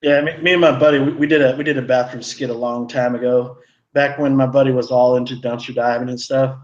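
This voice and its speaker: A man's voice: mid-range voice, steady tone, fast, highs cut off. A man telling a long, rambling story in casual live-stream chat, full of "like" and restarts. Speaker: co-host.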